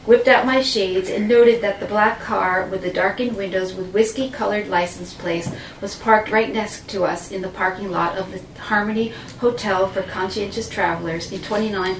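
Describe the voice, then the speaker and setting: A woman telling a dramatic first-person story, theatrical and swinging between breathless and hushed. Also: mid-range voice, noisy background. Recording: roomy, distant mic with faint ambience.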